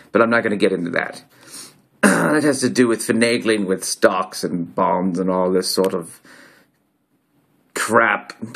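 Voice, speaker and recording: In a lowish, gravelly, slightly bright voice, a man hosting a video chats casually about coins he raises to the camera. He affects an accent, and his rambling delivery keeps cutting off and starting again.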